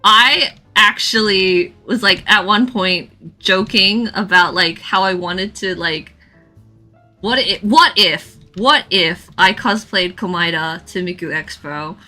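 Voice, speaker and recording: A woman's voice: mid-range voice, slow, soft background music. A young woman chatting casually on a drawing livestream, telling stories with lots of giggles. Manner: giggly, animated storytelling with frequent laughs. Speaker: artist streaming a live drawing session.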